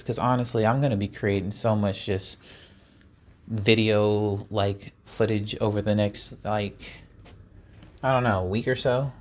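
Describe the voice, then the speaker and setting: A man hosting his own podcast in a casual, playful way, talking straight to his listeners with jokey asides. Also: lowish voice. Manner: jokey asides with laughs and sighs. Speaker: podcast host. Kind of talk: casual solo podcast chat.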